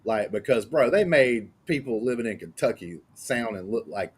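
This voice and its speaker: A man with a Southern US accent, co-hosting a casual movie review podcast and arguing his points quickly and with energy. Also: mid-range voice, slight background noise. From Southern United States. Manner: fast, animated, argumentative. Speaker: podcast co-host.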